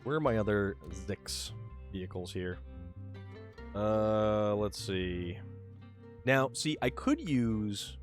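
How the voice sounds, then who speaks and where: A man streaming a truck game, chatting casually and rambling to himself about his moves. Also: fairly low pitch. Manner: rambling, self-amused, muttering to himself. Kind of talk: casual gameplay commentary.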